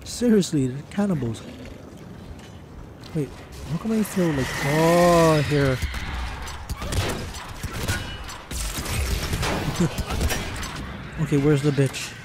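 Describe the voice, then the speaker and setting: A man giving excited live commentary while playing a co-op shooter, yelling at enemies and teammates. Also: fairly high pitch, moderate pace, pauses often, noisy background. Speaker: gamer playing co-op multiplayer. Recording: game music playing behind.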